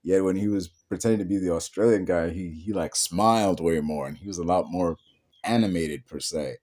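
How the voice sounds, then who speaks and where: A man hosts a casual podcast about films. His voice sits a little low and sounds mellow and relaxed. He rambles, circling back on himself with plenty of fillers and restarts. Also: fairly quick. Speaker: podcast host. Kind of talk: casual film talk.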